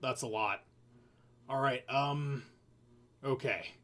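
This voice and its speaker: A man's voice: mid-range voice, slow pace, a bit bright. Laid-back male game master, rambly, filler-heavy narration. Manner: loose, rambling, lots of fillers.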